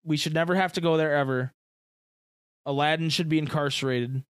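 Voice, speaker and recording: A man co-hosting a podcast in casual, excitable chat, laughing and swearing as he riffs. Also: a little high, fairly quick, clean tone, no room sound. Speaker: podcast co-host.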